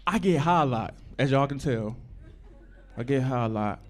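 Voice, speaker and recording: A man doing a stand-up comedy set on a club stage into a handheld mic, profane and repetitive, swinging from loud bursts down to low mumbling. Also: expressive, moderate pace.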